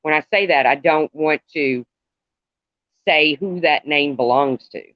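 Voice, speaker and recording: A middle-aged man talking to viewers on a live stream in a halting, rambling way, calling out commenters by name. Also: on the high side, dry recording. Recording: dull lo-fi, dry sound.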